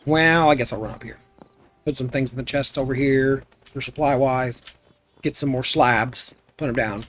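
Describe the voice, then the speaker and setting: During a building-game livestream, a man rambles and jokes around with viewers as he plays. He speaks at a normal speed in a steady, medium-pitched voice with a fairly bright tone.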